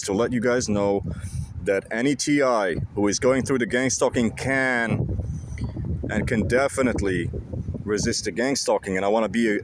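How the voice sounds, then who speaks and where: Vlogging outdoors beside a lake, a man with a fairly low voice delivers a casual monologue to his viewers amid background noise. His talk is intense, repetitive, and profane.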